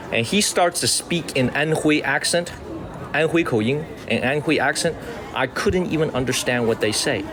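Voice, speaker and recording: A man from the United States hosting a live-streamed walking tour outdoors, chatting to viewers, thanking them by name and repeating his points. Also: medium pitch. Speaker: livestream tour host. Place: outdoors at a historic residence. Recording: outdoor street noise.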